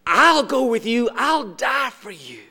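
An impulsive, earnest disciple played by a man speaks up loudly, insistent and a bit pushy. The voice rises a little higher and louder than the speaker's own, which is already fairly high for a man. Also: sing-song, slow pace, exaggerated voice. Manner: loud, protesting.

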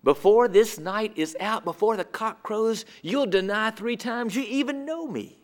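A gentle, grave teacher figure voiced by a man speaks slowly and quietly, his words sinking almost to a whisper. The voice sits a little lower than the man's own fairly high speaking voice, and he keeps it solemn and unhurried. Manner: slow, hushed, fading to a whisper.

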